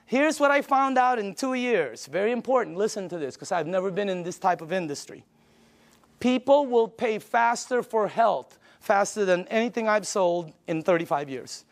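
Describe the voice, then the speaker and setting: High-voiced energetic male sales presenter. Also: moderate pace. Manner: energetic, emphatic, chuckles between points. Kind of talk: sales pitch to a live audience.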